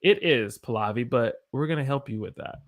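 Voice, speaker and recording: A man's voice: medium pitch, fairly quick. An American man teaching an English lesson on a live stream, chatting with viewers, stopping to correct himself and hunt for examples. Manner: stops to self-correct and search for examples.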